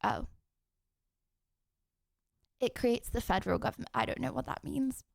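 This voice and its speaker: A woman's voice: a little high, moderate pace, vocal fry. A young adult woman livestreamer chatting casually, giggling and teasing herself as she reads questions aloud and answers them. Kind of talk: casual live-stream chat.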